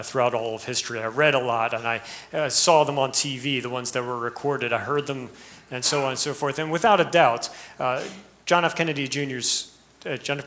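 A man's voice: a little high, fairly bright tone. An American man preaches a sermon in a slightly raised register, earnest and direct. He leans on rhetorical questions and lifts his voice to stress the key lines. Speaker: pastor.

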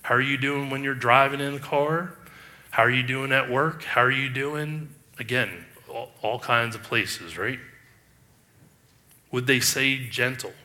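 Male preacher with a bright, forceful voice; emphatic sermon delivery with restarts. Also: mid-range voice, steady tone, measured pace. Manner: emphatic, rhetorical questions, frequent restarts. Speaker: pastor.

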